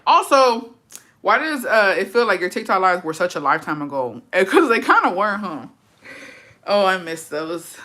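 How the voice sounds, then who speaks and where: A woman's voice: medium pitch, big pitch swings, moderate pace, pushed and bright. A young woman hosting a casual livestream, gossiping and swearing freely while reading chat, dropping in Spanish words. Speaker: livestream host.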